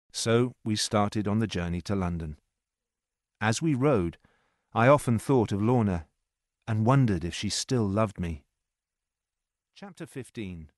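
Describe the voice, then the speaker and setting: A man narrating a story in a slow, clear reading voice. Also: lowish voice, expressive, no echo, studio quality. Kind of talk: scripted narration.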